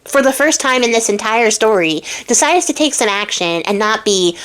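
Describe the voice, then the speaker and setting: A woman's voice: a little high, lively intonation, normal speed, a bit bright, smooth. A woman hosting a crafting channel, retelling a legend in a chatty, slangy way with lots of fillers. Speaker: channel host, storyteller. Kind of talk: casual storytelling while crafting.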